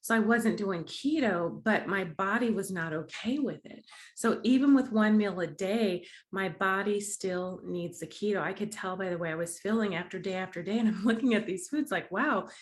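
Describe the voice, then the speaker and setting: A woman's voice: mid-range voice, moderate pace. Bubbly, chatty woman vlogging. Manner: chatty and bubbly, laughs often, restarts sentences. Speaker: vlogger, host of a diet challenge series. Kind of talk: casual chat to camera.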